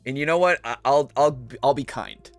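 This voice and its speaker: A man narrating a tabletop role-playing game as game master, slow and halting with many pauses and fillers. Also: mid-range voice, no echo, faint music behind.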